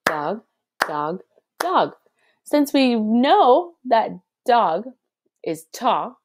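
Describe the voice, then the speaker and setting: A woman's voice: mid-range voice, a little mellow, a little hiss or hum. A young woman teaching a children's music lesson, chanting rhythm syllables in an encouraging, sing-song way.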